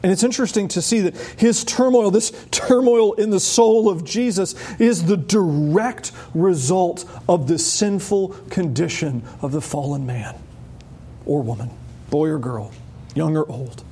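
Male preacher, high tenor, lively verse-by-verse sermon with playful voices. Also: unhurried, husky. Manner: animated, acting out voices with sudden high squeals. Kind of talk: expository sermon.

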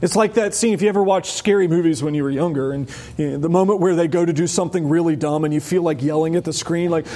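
A man with a high tenor voice preaching an expository sermon, animated and acting out voices. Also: fast talker, hardly any pauses.

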